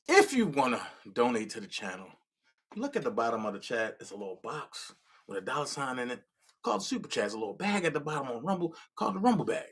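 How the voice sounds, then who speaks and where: Animated, bright-voiced male livestream host. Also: fairly high pitch, husky. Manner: animated, stammering, repeats words. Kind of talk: casual live commentary.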